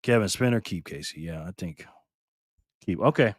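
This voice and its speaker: A man's voice: sits low, animated, moderate pace, slightly rough, no echo, studio quality. Playful man hosting a live stream. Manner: playful, teasing, laughs often. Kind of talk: casual live stream chat reading viewer comments.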